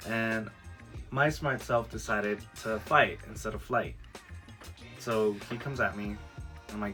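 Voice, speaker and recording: Male vlogger, lively storyteller who voices the quotes, slightly low and bright tone. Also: moderate pace, faint music behind. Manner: animated storyteller who acts out quoted lines. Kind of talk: storytime vlog.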